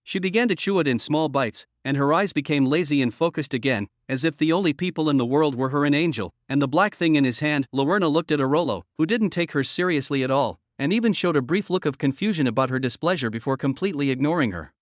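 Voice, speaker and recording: A man reads a scripted story recap in a steady, even delivery. His voice sits a little high, and the recording is dry and close, with no room sound. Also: fast, few pauses, dry recording. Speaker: narrator.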